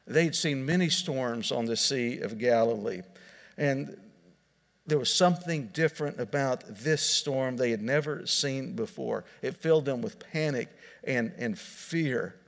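A man's voice: mid-range voice, unhurried, gravelly. A male pastor preaching a sermon in an earnest, explaining way, often restarting and repeating words. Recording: long hall reverb.

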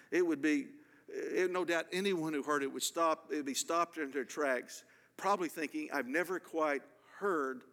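Man preaching, kinda high voice, slows way down on the big words, long echo like a big church hall. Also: a bit bright. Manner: earnest preaching, slows and stresses key words. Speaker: pastor. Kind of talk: sermon.

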